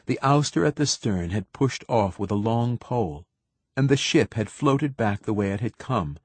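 Male narrator, low husky voice, dry booth sound, steady novel reading. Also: no room sound. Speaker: audiobook narrator. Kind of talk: scripted narration.

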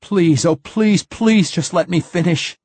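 A man's voice: sits high, unhurried, a little mellow, husky, no echo, voice pushed up. A man voicing a desperate aging male poet who screams and begs in anguish in an audiobook. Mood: begging.

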